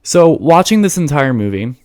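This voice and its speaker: A man's voice: a little high, very animated, normal speed, darkish tone. A man giving a casual, blunt film review to his channel, chatty and full of fillers and restarts.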